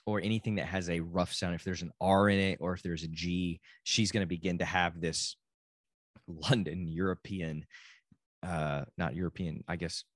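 Man, Texan accent, middle-aged, deep voice, dry close sound, rambling casual podcast talk. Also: no echo. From Texas. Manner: rambling, self-interrupting storyteller. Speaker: podcast host and dad.

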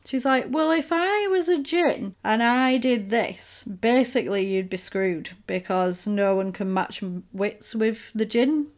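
A woman chatting casually, retelling a film plot and acting out the characters' lines. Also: fairly high pitch. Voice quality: animated storyteller, acts out characters' lines in quick voices. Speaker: podcast co-host recapping a film. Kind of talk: casual chat.

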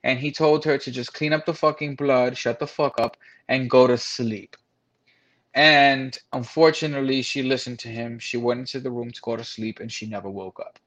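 A man's voice: medium pitch, fairly even intonation, moderate pace, fairly bright tone. A man frankly telling a personal story, blunt and profane, acting out what others said. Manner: frank, profane, acts out quoted voices.

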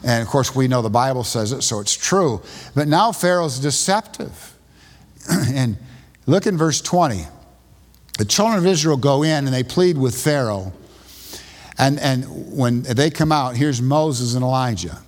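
A man preaching a sermon as a pastor, telling stories in a halting way with many restarts. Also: medium pitch, lively intonation. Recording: long reverb in a large hall.

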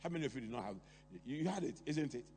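A middle-aged man preaching a sermon, talking to the congregation with lively rhetorical questions and asides. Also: medium pitch, rapid-fire. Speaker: pastor. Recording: long hall reverb, faint hum.

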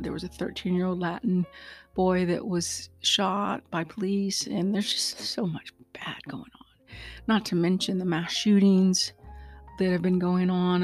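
A woman hosting a casual solo podcast, talking earnestly and outspokenly with fillers and asides to her listeners. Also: on the low side. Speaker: podcast host.

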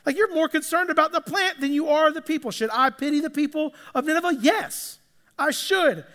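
A man's voice: extremely high pitch, brisk, fairly bright tone, voice pushed up. Man voicing an exasperated, scolding God. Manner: incredulous, scolding. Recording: echoey hall with long reverb.

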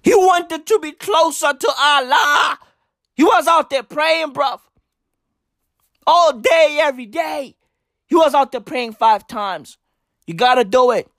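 A woman doing a satirical comedy rant, loud and profane, often bursting into mock-outraged shouts and heavy street slang. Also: fairly high pitch, no echo, clean studio sound.

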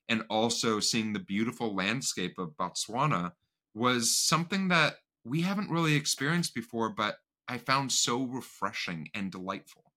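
A man hosting a casual podcast discussion, talking in quick, animated bursts full of fillers. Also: medium pitch.

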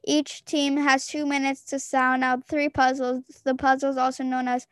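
A woman hosting a casual podcast over a Zoom call, chatty and giggly, breaking into quick excited bursts. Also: high voice, smooth, no room sound, clean studio sound. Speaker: podcast host. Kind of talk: casual chat.

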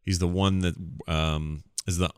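A man's voice: deep voice, level tone, measured pace, smooth, dry recording, clean studio sound. A man hosting a podcast, riffing loosely and jokingly about a movie. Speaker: podcast host. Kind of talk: casual movie commentary.

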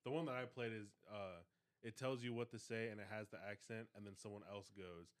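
A man chatting casually on a podcast, laid-back and quick to laugh. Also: lowish voice, steady tone, clean tone. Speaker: podcast co-host. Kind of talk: casual chat.

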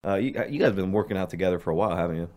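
A young man with a low-pitched voice co-hosts a casual podcast. He is easygoing and keeps prompting the others to talk. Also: fairly even intonation, racing, a little mellow. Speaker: podcast co-host.

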